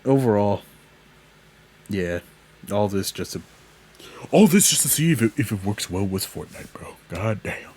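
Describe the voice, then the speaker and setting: A man's voice: animated, unhurried, pauses often, darkish tone, breathy edge. A young man hosting a casual solo podcast, rambling through a story with lots of swearing and laughter, his voice jumping up when he gets exasperated. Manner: rambling, profane, laughs often, voice jumps high when exasperated. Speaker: podcast host.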